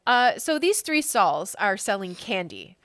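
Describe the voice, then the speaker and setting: Woman game master, chatty, lots of ums, bright tone, very dry close sound. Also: mid-range voice, big pitch swings, unhurried, dry recording. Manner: chatty, laughing often, with many fillers. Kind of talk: narrating a tabletop game.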